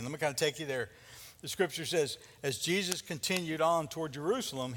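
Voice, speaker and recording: A fairly high-voiced man preaches with animated, dramatic energy, stumbling and repeating words as he builds his points. His voice rings through a church hall with a long, trailing reverb. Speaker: pastor. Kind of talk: sermon.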